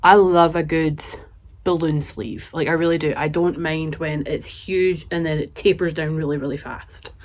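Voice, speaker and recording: A woman with a low-pitched voice chats casually about yarn for her knitting vlog, filming herself on a handheld camera. She rambles a little and talks to her cat as she goes. It was recorded in her home office and craft room. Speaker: knitting vlogger.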